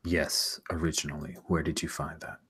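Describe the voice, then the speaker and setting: A man playing a stern, authoritative older official in a tabletop game, speaking gravely and with command. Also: flat delivery, moderate pace, full character voice. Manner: grave, commanding, lower and quieter.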